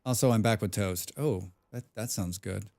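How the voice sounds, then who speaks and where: A man's voice: on the low side, normal speed, a little mellow. Chatty man streaming a game. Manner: chatty, hums and mumbles nonsense sounds between remarks. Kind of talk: casual live-stream chat while playing.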